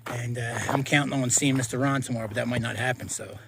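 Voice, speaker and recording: A man's voice: steady tone, fast talker, background noise. Winded man vlogging on a mountain trail. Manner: tired, breathy and puffing at high altitude. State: out of breath. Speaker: thru-hiker vlogger. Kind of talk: casual hiking vlog. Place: snowy mountain trail outdoors.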